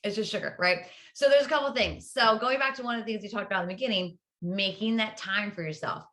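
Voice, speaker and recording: A woman's voice: mid-range voice, fast talker, a bit bright. A woman guest in a casual interview, an upbeat educator explaining ideas and often adding "right?". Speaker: guest, public health educator.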